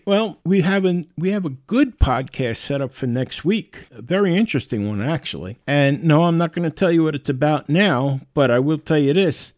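A man's voice: on the high side, a little mellow, no echo. Bronx guy talking on his podcast, blunt and folksy, chuckles a lot, dry close mic. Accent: New York. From the Bronx, New York. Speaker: podcast host. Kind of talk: solo podcast monologue.

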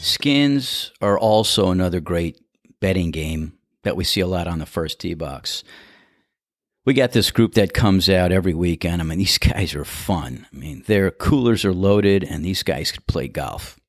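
Casting note: man, low voice, very animated delivery, casual golf yarn, chuckles through it. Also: measured pace, no room sound, studio quality. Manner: animated storytelling, acts out quotes with laughs. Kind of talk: casual anecdote.

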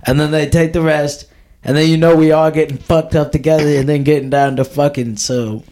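A man's voice: a little high, fairly even intonation, brisk, background noise. Crude, laughing young man telling a story. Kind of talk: casual storytelling.

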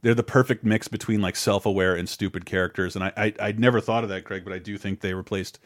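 A man's voice: fairly low pitch, steady tone, fast talker, no room sound, studio quality. Guy in his 30s rambling on a podcast, swears a lot, keeps restarting sentences. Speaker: podcast co-host. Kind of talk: casual chat.

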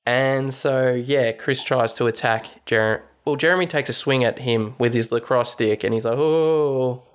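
A man co-hosting a casual movie podcast, walking through the plot scene by scene. He swears freely and jumps into the characters' voices as he goes. His voice sits at an ordinary middle pitch. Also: moderate pace, a bit bright, smooth. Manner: swears freely and acts out quoted lines. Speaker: podcast co-host. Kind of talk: casual movie recap chat.

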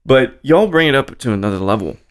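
A man's voice: mid-range voice, animated, fast, clean tone. A man hosting a casual conversation, loose and enthusiastic, cutting himself off mid-sentence and cursing freely. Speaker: podcast host.

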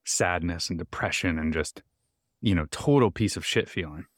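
A man with a notably low voice chatting on a podcast in an earnest, encouraging way, coaching himself out loud. The sound is dry and close-miked. He talks like a caring parent. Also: normal speed, no room sound. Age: adult parent. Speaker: podcast co-host. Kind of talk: casual conversational chat.

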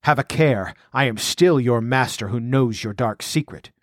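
A man playing a ruthless outlaw lord plotting for a throne, measured and scornful, giving orders with cold command in a dry, close voice. his pitch sits mid-range and he never raises it far. a storybook villain with contempt for everyone around him. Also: no room sound, lightly acted. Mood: threatening. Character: scheming ambitious male outlaw noble, cold and commanding.

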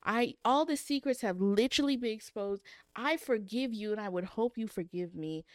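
A woman's voice: on the high side, normal speed, no room sound, clean studio sound. A woman co-hosting a book podcast, recapping chapters casually and acting out the characters' lines.

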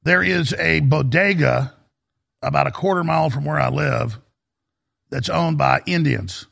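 Gravelly, raspy talk radio host. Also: male voice, on the high side, a little slow, fairly bright tone. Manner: rambling storytelling, emphatic.

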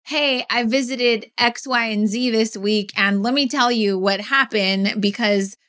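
A woman co-hosting a podcast in casual chat, animated and acting out quotes. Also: on the high side, measured pace. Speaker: podcast co-host.

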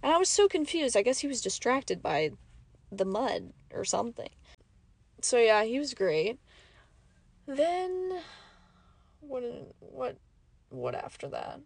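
A young woman hosting a casual podcast, rambling chattily with lots of fillers and dropping into soft whispered asides. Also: fairly high pitch, sing-song, slow pace, pauses often, dry recording. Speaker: podcast host. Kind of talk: casual chat.

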